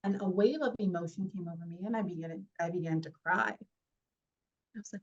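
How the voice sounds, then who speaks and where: A woman, an actress, talking in an interview in a heartfelt, halting way with many fillers and restarts. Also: mid-range voice, expressive, pushed and bright, highs cut off. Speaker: actress guest. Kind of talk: casual interview chat.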